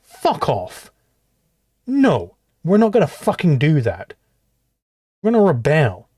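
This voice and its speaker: A man's voice: on the high side, wildly swooping pitch, slow, mellow, breathy edge, no echo, clean studio sound. A man hosting a livestream reaction, ranting in a heated, profane and rhetorical way. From outside the US. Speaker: livestream host reacting to a clip.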